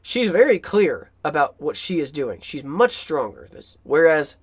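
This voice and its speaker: A man's voice: a little high, very animated, a little slow, slightly rough. A man giving an enthusiastic, rambling film commentary, with asides and chuckles.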